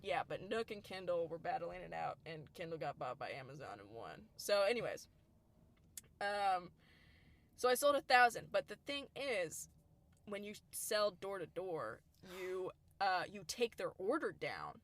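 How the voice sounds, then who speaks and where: A woman's voice: lowish voice, very animated, unhurried. A young woman, co-hosting a podcast, telling a story in a chatty way and laughing often. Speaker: podcast co-host. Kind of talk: casual storytelling chat.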